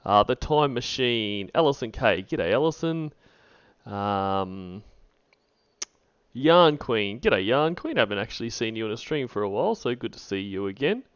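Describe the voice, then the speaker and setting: A man hosting a livestream, laid-back, greeting viewers by name with many pauses. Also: medium pitch, sing-song, clean tone, no room sound, dull audio. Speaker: livestream host. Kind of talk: casual stream chat.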